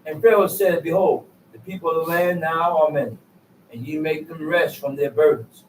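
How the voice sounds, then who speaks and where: A man reading old-fashioned scripture verses aloud, steady and plain, his voice a bit high. He sounds distant in an echoey room, with a faint hiss under it. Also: moderate pace. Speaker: scripture reader. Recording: echoey room, mic far off.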